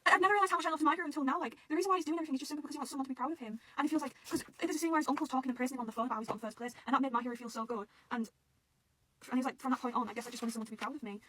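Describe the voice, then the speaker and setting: A woman talking at breakneck speed in a slightly high voice, reacting casually and gushing over what she has read. She rambles, restarts her sentences, swears freely and gets emotional. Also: very fast, slight background noise. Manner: excitable, rambling, swears often. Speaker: manga reaction vlogger.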